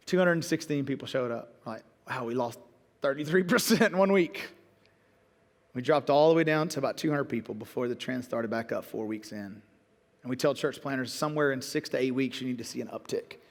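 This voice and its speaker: A middle-aged man, a pastor telling stories in a sermon, lively and joking at his own expense. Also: sits high, big-room sound. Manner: lively storytelling with self-deprecating jokes. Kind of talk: sermon storytelling. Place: church auditorium.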